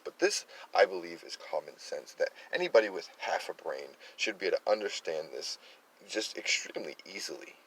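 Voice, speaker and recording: Low-voiced opinionated man, Massachusetts accent. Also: rough recording. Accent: Massachusetts (Worcester). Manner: rambling, opinionated, many fillers and restarts. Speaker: political commentary host. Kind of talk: casual monologue commentary.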